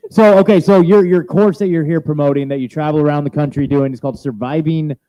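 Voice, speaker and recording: A man hosts interviews on a festival stage, talking into a handheld mic. He is playful and full of energy, drifting between jokes, and his voice sits a little high. The sound is dry and close. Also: quick pace, no room sound, low-quality recording. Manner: joking, energetic, scattered. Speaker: host interviewing festival presenters. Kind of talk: casual onstage chat. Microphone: handheld microphone.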